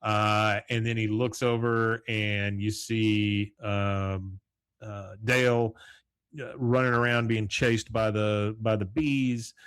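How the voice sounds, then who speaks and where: A man's voice: fairly low pitch, flat delivery, takes it slowly, a bit bright, clear, resonant tone, no room sound. Rambling man recapping a cartoon episode. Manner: rambling, with frequent fillers and chuckles. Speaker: podcast host.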